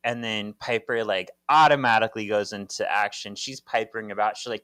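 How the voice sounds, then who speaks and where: Male podcast co-host, even middle pitch, dry close mic, calm narrator of the recap. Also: moderate pace, hardly any pauses, no room sound. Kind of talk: casual recap chat.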